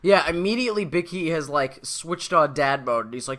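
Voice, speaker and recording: A man's voice: on the high side, lively intonation, brisk, a bit bright. A man co-hosting a podcast, rambling in casual chat with many fillers and laughing while retelling scenes. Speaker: podcast co-host.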